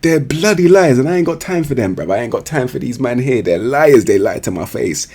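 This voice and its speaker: Slangy young man, husky and animated. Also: medium pitch, fairly quick. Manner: slangy, sarcastic, joking. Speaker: gaming streamer. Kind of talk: casual game commentary.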